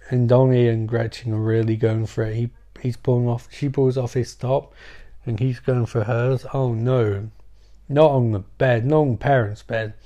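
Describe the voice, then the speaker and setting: Sweary, excitable man recapping a film. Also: mid-range voice. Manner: excitable, sweary, rambling asides. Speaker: movie recap commentator. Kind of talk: profane comedic film recap.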